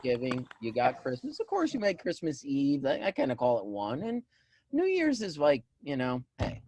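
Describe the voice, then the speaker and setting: A man co-hosting a casual talk show, telling self-deprecating stories with animated energy and bursts of loud laughter. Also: medium pitch, moderate pace, no echo. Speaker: podcast co-host. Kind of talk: casual chat.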